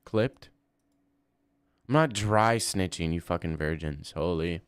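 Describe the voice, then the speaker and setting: A young man on a casual livestream who trades crude, deadpan jabs with his chat. His voice sits a bit low and comes through smooth and clear. It is close to a desk mic in a dry room. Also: slow, dry recording.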